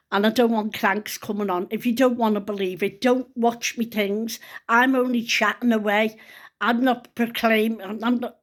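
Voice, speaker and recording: A middle-aged woman, chatting to camera and telling a personal story in a rambling, earnest way. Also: medium pitch. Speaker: vlogger. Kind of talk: casual chat to camera.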